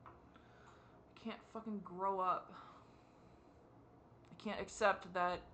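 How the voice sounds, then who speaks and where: A young adult vlogger crying while talking to the camera, asking halting, self-critical questions in a rambling way. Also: medium pitch, level tone, pushed and bright, slight background noise. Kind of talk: confessional talk to camera.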